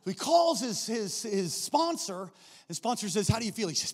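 A high-pitched male preacher delivering an animated sermon, acting out the people in his stories. He drops to hushed asides, then climbs to shouts, and a long hall reverb trails every line. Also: a little fast. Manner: animated storytelling, acts out characters, shifts between quiet asides and shouting.

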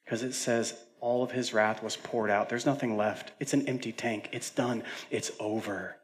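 A male pastor delivers a sermon at a middle pitch, swinging from loud, urgent declarations down to hushed, almost whispered lines. Between points he slips into casual asides with fillers and self-deprecating jokes, then drives the message home again. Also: steady tone, normal speed. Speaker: senior pastor.

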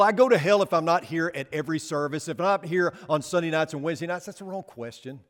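Male preacher with a slightly raised pitch, delivering a chatty, questioning sermon in a reverberant church hall. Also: fast talker, few pauses, a bit bright. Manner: conversational, asks the congregation questions. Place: church sanctuary.

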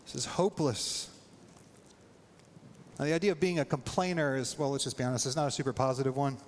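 A man preaching a sermon in a casual, animated way, his voice leaping up when he acts out prayers. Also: a little fast, in a large hall, a little hiss or hum. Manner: animated, voice jumps high when acting out prayers. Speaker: pastor.

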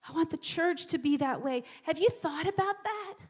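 A woman's voice: extremely high pitch, animated, moderate pace. A woman preacher giving a sermon in a church, repeating words and dropping to whispers for emphasis.

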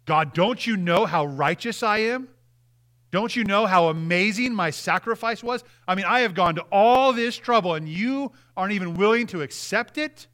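A man's voice: sits high, expressive, moderate pace, fairly bright tone, pitched above the performer's own voice. A male pastor voicing an indignant, self-righteous biblical man who complains in a whiny, exasperated way.

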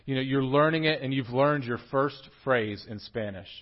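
Through a muffled recording, a young man at medium pitch and normal speed preaches a casual sermon laced with jokes. He's animated in the church sanctuary, speaking right to his congregation.

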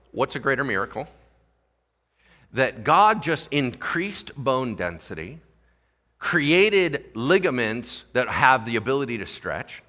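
A man preaching a sermon as pastor, animated and jokey, acting out the people in the story. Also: mid-range voice.

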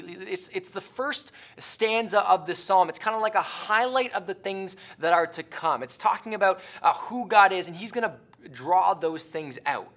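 A man preaching a sermon in an earnest, conversational way, with many "uh" fillers and restarts, slowing down to repeat key questions for emphasis. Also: sits high, fairly bright tone.

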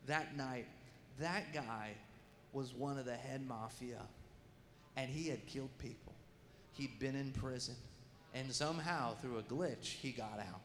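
A middle-aged man preaching a sermon and telling a story with lively acted-out voices and sound effects. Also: mid-range voice. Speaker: guest preacher. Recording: echoey hall with faint room noise.

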